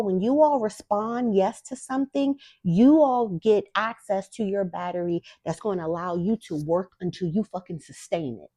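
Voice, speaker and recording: A young woman talks straight to her viewers in a casual spiritual chat. She is blunt and emphatic, swears freely, and calls her audience y'all. Her voice sits at a middle pitch and sounds dry and close, with no room around it. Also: warm tone, no room sound. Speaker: spiritual guide and host. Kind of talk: casual direct-to-camera talk.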